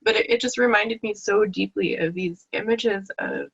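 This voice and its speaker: A woman's voice: medium pitch, moderate pace, gravelly, husky, no echo, highs cut off. A woman speaking on a webinar panel as a book contributor, earnest and heartfelt, over a video call. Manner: earnest, heartfelt, tearful at times. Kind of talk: emotional webinar panel talk.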